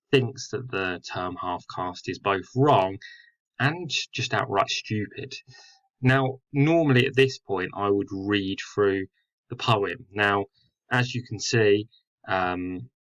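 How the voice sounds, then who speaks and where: Deep-voiced male teacher explaining. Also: fairly bright tone, dull audio. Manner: explanatory, with many fillers. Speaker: English teacher. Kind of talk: recorded lesson.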